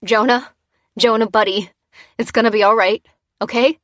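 A woman's voice: on the high side, steady tone, moderate pace, fairly bright tone, dry recording, studio quality, close to an everyday voice. A woman voicing a desperate young father who talks in a pleading, soothing way.

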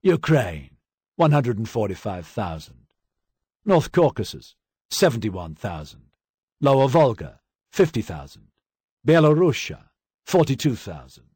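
A man's voice: medium pitch, a little mellow, husky, dry recording, studio quality, exaggerated voice. A man voicing a drunk, boastful male Soviet commissar who reels off figures in an audiobook. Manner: reeling off figures.

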